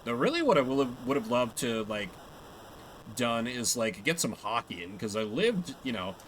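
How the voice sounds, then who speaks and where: This young man streams a game live, chatting loosely, laughing a lot, and teasing himself. His mid-range, slightly bright voice has a sing-song quality at normal pace, heard on a rough recording with a bit of background noise.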